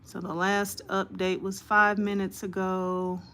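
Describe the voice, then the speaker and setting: A woman live-streaming as a host, reading news reports aloud haltingly with many fillers and greeting her viewers by name. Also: medium pitch, level tone, vocal fry, a bit bright, slight background noise.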